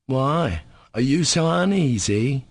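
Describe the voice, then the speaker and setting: A man's voice: medium pitch, animated, slow pace, no room sound, voice pushed up. A man reading an audiobook, voicing a sick former valet who drawls with contempt. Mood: scornful.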